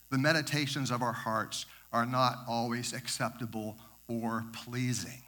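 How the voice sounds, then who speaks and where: A man's voice: medium pitch, steady tone, a little slow, few pauses, sharp tone. An older man and grandfather, telling a rambling devotional story with many repeats and asides. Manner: rambling, repeats words, self-correcting asides. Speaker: speaker sharing a devotional story. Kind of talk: informal sermon storytelling.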